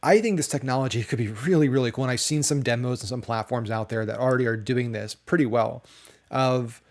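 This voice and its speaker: Male marketing host, casual commentary, mid-pitched, conversational with rhetorical check-ins. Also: a little fast. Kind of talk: casual talking-head commentary.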